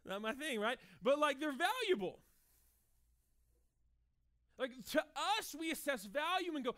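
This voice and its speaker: A pastor in his thirties gives a sermon at normal speed in a very high voice. He's conversational and animated, acting out short bits of dialogue as he goes.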